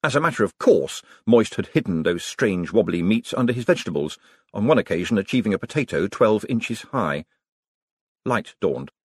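A man doing wry, animated audiobook narration. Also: lowish voice, normal speed, breathy edge, no echo, studio quality.

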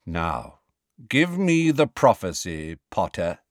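A man doing a soft, drawling cold villain. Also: low-pitched, sing-song, slow pace, dry recording, clean studio sound, heavily acted. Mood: cold menacing.

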